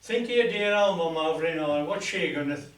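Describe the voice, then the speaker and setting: A man's voice: fairly high pitch, quick pace, close to an everyday voice. A man voicing a middle-aged priest who coaxes and then loses patience, in a joke told at a folk club. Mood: coaxing. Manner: coaxing, then losing patience. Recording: echoey club room, mic far off.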